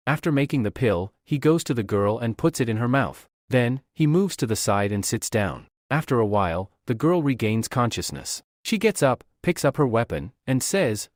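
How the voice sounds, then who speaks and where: A man narrating a comic recap as scripted storytelling with an even cadence. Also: mid-range voice, normal speed, hardly any pauses, no room sound, studio quality.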